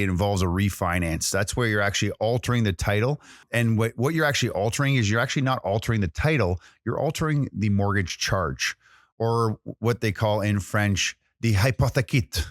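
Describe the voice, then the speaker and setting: Low-voiced chatty podcast host man. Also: normal speed, no echo, clean studio sound. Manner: chatty, filler-heavy, restarts often. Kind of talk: casual podcast chat.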